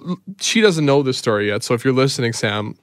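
A man's voice: mid-range voice, fast talker, no room sound, clean studio sound. A man in his thirties, co-host of a morning radio show, telling a funny story with lots of laughter and acted-out voices. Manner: animated, laughing, acts out quoted voices. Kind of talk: casual storytelling chat.

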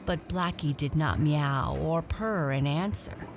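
A woman reading a children's storybook aloud in a gentle, expressive way. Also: low-pitched, slow, slight background noise.

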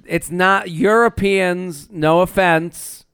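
Playful joking man, a bit high. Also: steady tone, slow, a bit bright, clean tone, dry recording, clean studio sound. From US Northeast. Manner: joking, laughs often, playful voices when quoting. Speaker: podcast co-host. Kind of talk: casual comedic chat, reading a listener letter aloud.

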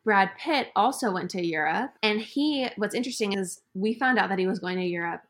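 A woman's voice: medium pitch, lively intonation, a little fast, fairly bright tone. Woman, podcast co-host, casual chat, breezy, opinionated, laid-back. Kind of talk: casual pop-culture chat.

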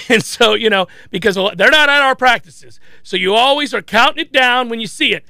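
Man, sports talk host, high gravelly voice, bright and forceful, dry close sound, chatty, lots of restarts. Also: fast, hardly any pauses, no echo. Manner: animated, chatty, frequent restarts. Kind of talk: casual sports talk commentary.

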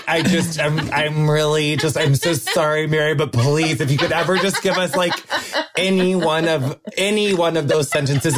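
A man hosting a podcast interview in a playful, jokey way with quick asides and self-interruptions. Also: fairly high pitch, very noisy. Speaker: podcast host. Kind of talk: casual interview chat.

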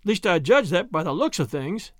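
A man's voice: high-pitched, big pitch swings, no echo, clean studio sound. Man doing a bustling chatty country mother. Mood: cheerful. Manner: rapid chatty storytelling.

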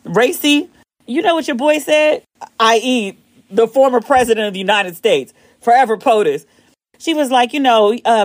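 A woman hosting a casual chat show, talking in an animated way, swearing freely and jumping high in pitch when excited, recorded on her phone. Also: a little slow, no room sound, studio quality. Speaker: podcast host.

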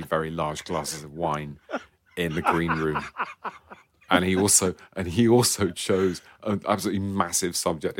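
Guest author, man, forties; deep voice, self-mocking, stop-start phrasing, dry studio mic. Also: no echo. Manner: self-deprecating, wry, halting restarts. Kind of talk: casual interview chat.

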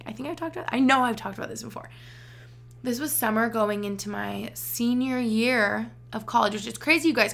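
A woman's voice: medium pitch, a bit bright. A young woman in her twenties hosting a podcast, giving earnest relationship advice in a chatty, filler-heavy way. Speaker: podcast host. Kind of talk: casual advice chat.

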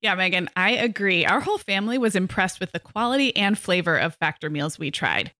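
A woman's voice: medium pitch, animated, fairly quick, bright, forceful tone, no room sound, clean studio sound. A woman in her forties co-hosting a parenting podcast, chatting casually and reading ads in an upbeat, conversational way. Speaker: podcast co-host. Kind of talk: casual chat and ad reads.

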